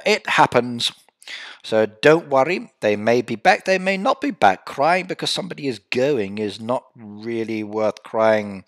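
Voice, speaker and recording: A man's voice: medium pitch, pushed and bright, no room sound, studio quality. Chatty man on a live stream. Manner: chatty, joking, rambling. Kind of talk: casual live-stream chat.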